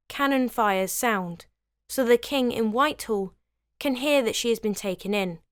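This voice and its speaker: Female history narrator with a light, slightly high voice and a casual aside now and then. Close, dry sound. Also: a bit bright, no room sound. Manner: conversational with chatty asides. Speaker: history video host.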